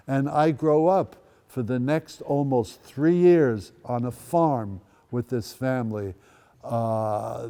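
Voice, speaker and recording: An elderly man in his eighties tells his own life story to a school audience, his voice warm and relaxed. He slips in wry, dry humor between plain recollections. Long reverb trails each phrase as it rings through a large hall. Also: medium pitch. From Netherlands. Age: 80s. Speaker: guest speaker. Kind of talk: personal storytelling talk. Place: school event space.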